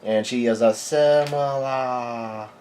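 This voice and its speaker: Halting low-voiced man recapping a comic. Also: flat delivery, a little mellow, slight background noise. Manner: halting, stumbling narration full of restarts. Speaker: manga reader and reactor. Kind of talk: live reading and reaction.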